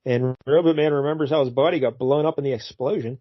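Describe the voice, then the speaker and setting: A man's voice: mid-range voice, fast talker, dry recording, muffled recording. A man co-hosting a casual podcast, joking and retelling scenes. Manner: relaxed, joking, retells scenes with quoted lines. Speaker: podcast co-host. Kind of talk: casual comic book chat.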